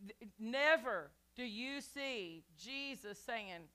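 A woman's voice: high-pitched, unhurried, bright, forceful tone, smooth. A woman pastor delivering a sermon, emphatic and repetitive, calling out to her congregation.

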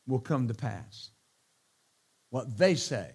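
Male pastor, middle-aged, high-pitched and emphatic, preaching with playful asides. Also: expressive, unhurried, fairly bright tone. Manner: emphatic, repeats hallelujah and amen, joking asides. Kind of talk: sermon.

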